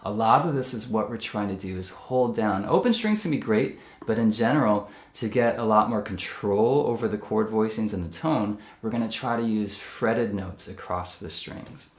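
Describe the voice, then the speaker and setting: A man's voice: lowish voice, moderate pace, few pauses, reverberant. A man teaching jazz ukulele, patiently explaining each step while he plays. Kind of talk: instructional demonstration. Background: ukulele playing.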